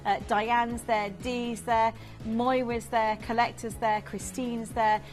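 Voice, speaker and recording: A woman presenting a live jewellery auction on a shopping channel, gushing over the stones in rapid sales patter and reeling off bidders' names. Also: fairly high pitch, flat delivery, faint music behind. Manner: reels off bidder names and congratulations.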